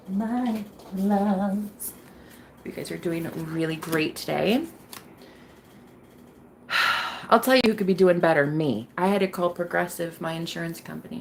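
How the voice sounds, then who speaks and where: A bubbly young woman hosting a tarot live stream, chatting straight to her viewers. She swears freely and laughs often, and her voice sits at a middle pitch. A faint noise hums under her voice. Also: animated, measured pace, creaky. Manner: bubbly, profane, laughs often, talks to chat. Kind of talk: casual live-stream chat.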